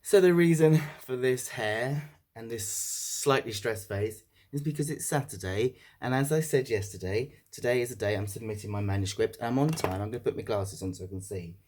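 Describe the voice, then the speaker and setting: A man's voice: medium pitch, normal speed, a little mellow. A young man vlogging in a casual, candid way, joking about himself. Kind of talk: casual monthly vlog.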